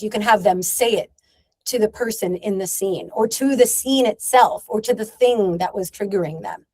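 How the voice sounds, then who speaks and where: A dry, clear woman presenter. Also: mid-range voice, a little mellow, no room sound. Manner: explanatory, acts out client dialogue. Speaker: psychotherapist presenting to colleagues. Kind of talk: recorded training presentation.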